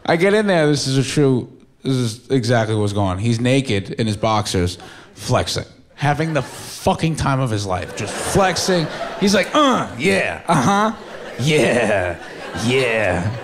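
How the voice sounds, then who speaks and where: A young Staten Island comedian with a New York accent tells a story in his stand-up set, doing impressions of his friends' voices as the audience laughs. He speaks at medium pitch in an unhurried, sing-song way.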